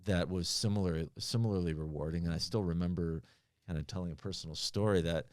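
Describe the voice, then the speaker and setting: A man's voice: low-pitched, steady tone, fast, a little mellow, no echo, studio quality. A man in a podcast interview, a pharmaceutical executive answering earnestly with many fillers and restarts.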